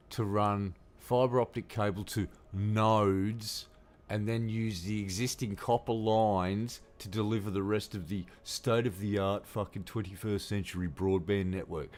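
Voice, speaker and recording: Swearing Australian man, low voice. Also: fairly even intonation, unhurried, darkish tone. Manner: profane, ranting, blunt. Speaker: game streamer. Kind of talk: casual gameplay commentary.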